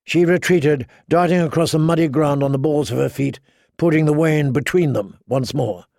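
A man narrating a story in a measured way, slowing down for dramatic beats. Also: fairly high pitch, creaky, a little mellow, no echo, clean studio sound. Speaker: audiobook narrator. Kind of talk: scripted narration.

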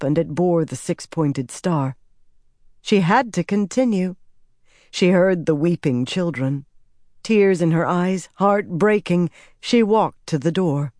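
Slow, low-voiced woman narrator. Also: darkish tone, no echo, studio quality. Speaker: audiobook narrator. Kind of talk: scripted narration.

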